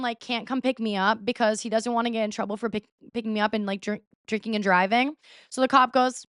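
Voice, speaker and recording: A woman's voice: fairly high pitch, fairly quick, a bit bright, clean tone, no room sound, clean studio sound. A young woman in her twenties hosting a podcast, telling a story casually with lots of "like" and acting out what people said. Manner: chatty, lots of "like", acts out quoted lines. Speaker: podcast host.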